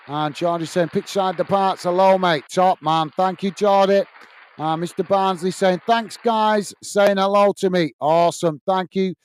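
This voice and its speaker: A man from the UK whose voice sits high and clean hosts a live watch-along of a football match. He stays upbeat, narrating the play and cheerfully sharing messages from viewers.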